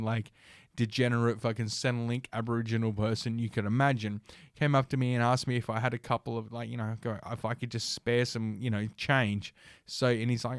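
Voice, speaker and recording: In a clear, resonant mid-range voice, an Australian-accented man from South Australia hosts a podcast livestream and rambles through a profane story, restarting often and leaning on fillers. The studio sound is clean with no echo.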